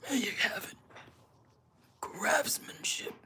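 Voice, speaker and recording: A woman with a sharp tone speaks slowly. As a craft demonstrator, she adopts an accented persona to demonstrate a role-play tool in whispers, walking through it step by step in a playful mood.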